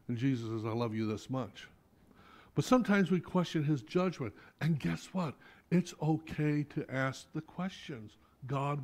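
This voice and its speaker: A middle-aged man preaching a sermon as pastor in a church, animated, rising to loud appeals and dropping to soft asides. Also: a little high. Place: church sanctuary.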